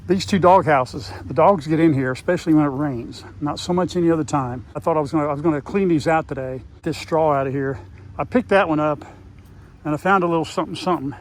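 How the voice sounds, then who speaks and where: A man's voice: on the high side, fast talker, slight background noise, poor audio. An older man chatting casually outdoors on his farm, talking to his dogs and to the camera as he goes. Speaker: farm vlogger.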